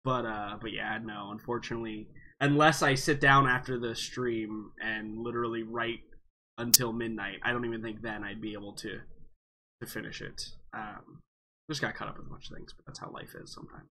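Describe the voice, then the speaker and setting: A man's voice: medium pitch, fairly even intonation, brisk, bright, forceful tone. A man with a nasal voice hosting a tabletop game stream as game master, chatty and upbeat with lots of fillers. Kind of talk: casual stream chat.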